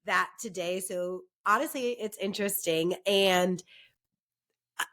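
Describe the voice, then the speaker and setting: Speaking in a fairly low, fairly bright voice, this young adult podcast co-host takes her time while she chats and spins stories. Lack of sleep has left her voice worn, and fillers like "like" crop up constantly.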